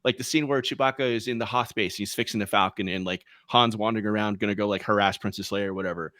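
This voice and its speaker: A man's voice: fairly low pitch, fast, dry recording, studio quality. A man co-hosting a podcast in casual chat, telling anecdotes with enthusiasm. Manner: lively storytelling, enthusiastic. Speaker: podcast co-host.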